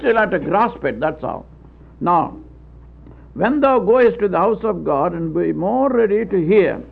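A man's voice: high voice, vocal fry. A man preaching a sermon in an earnest, folksy way, chuckling and stumbling over his words. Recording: tinny old radio broadcast.

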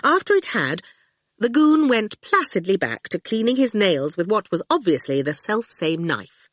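A woman narrates a novel with expressive storytelling, her pitch bouncing lively through each sentence. She sits close to the mic in a dry, dead studio sound. Her voice is of middling pitch. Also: moderate pace, no room sound. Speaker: audiobook narrator. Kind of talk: scripted audiobook narration.

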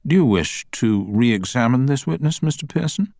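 A man voicing a measured older male judge who speaks with dry, formal authority. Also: medium pitch, expressive, darkish tone, dry recording, pitched above the performer's own voice, natural voice. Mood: judicial.

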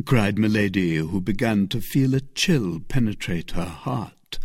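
Slow husky storybook reader. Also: sits low, lively intonation, no echo, studio quality. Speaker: narrator. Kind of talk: storybook reading.

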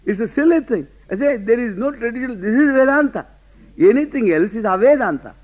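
A high-pitched man teaches in a lecture, stressing points and throwing questions at his listeners. The sound is muffled and lo-fi, like an old class recording. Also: lively intonation, fairly quick. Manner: rhetorical questions, emphatic, laughing asides. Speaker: Vedanta teacher.

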